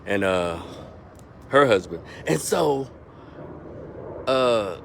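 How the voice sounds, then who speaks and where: A middle-aged man, a movie reviewer in a casual vlog, retelling scenes in a rambling, animated way with plenty of profanity. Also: lowish voice, very slow, vocal fry, slight background noise.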